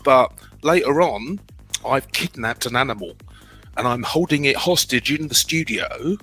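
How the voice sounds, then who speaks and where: A man's voice: medium pitch, animated, a little slow, bright, forceful tone, husky, faint music behind, poor audio. A middle-aged man with a British accent, telling his own story as a guest in a candid, self-deprecating way, often restarting his sentences.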